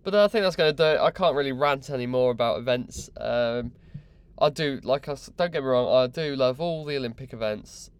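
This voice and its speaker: A man's voice: medium pitch, a little fast, smooth. A young man hosting a podcast, mocking and exasperated in a sweary comic rant. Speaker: podcast host.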